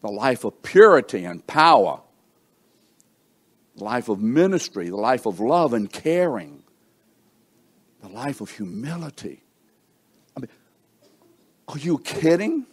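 A middle-aged man preaching a sermon, slow and emphatic, asking the congregation rhetorical questions. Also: sing-song, slightly rough. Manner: slow, emphatic preaching with wide swings in pitch and volume.

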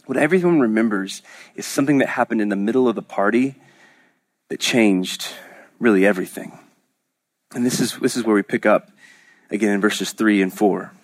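A man's voice: fairly low pitch, normal speed, pauses often. A man from Oklahoma preaching a sermon as pastor, in a conversational, joking storytelling manner with frequent restarts.

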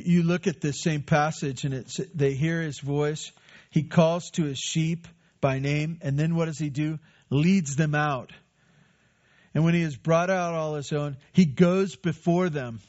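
A man's voice: a little high, darkish tone, muffled recording. A man preaching a sermon in a conversational way, asking rhetorical questions and answering them. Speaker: pastor.

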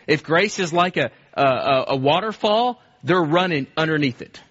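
High-voiced guy pastor preaching hard, repeats himself a lot, kinda muffled sound. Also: a bit bright. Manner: impassioned, repeats phrases, acts out quoted cries. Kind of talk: sermon.

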